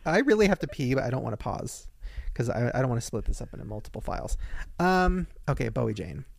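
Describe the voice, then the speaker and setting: A man's voice: medium pitch, fast talker, gravelly, no room sound, clean studio sound. A man co-hosting a podcast in casual, gossipy chat, often mimicking people as he tells stories. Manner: gossipy, animated, mimics people mid-story. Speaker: podcast co-host.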